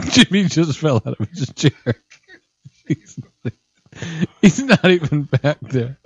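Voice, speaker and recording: A male podcast host jokes around with his guest, teasing and laughing as they talk. His voice sits a little high, and the studio recording is close and dry. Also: lively intonation, takes it slowly, husky, dry recording, highs cut off. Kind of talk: casual studio banter. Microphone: studio microphone.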